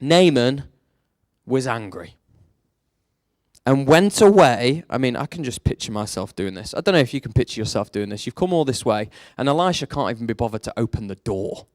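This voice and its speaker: A man preaching a sermon with animated storytelling that swings between hushed and emphatic. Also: mid-range voice, moderate pace, no echo, studio quality.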